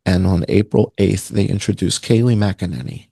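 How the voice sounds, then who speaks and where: A man's voice: sits low, normal speed, vocal fry, dark tone, slightly rough, dry recording, clean studio sound. A man talking in a sarcastic, rambling way on a podcast, with mocking asides. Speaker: podcast guest. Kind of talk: casual conspiratorial chat.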